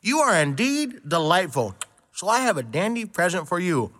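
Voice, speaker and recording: A man's voice: sits high, big pitch swings, normal speed, sharp tone, exaggerated voice. A man voicing a dignified, doting father duke in a storybook reading, stately and fond.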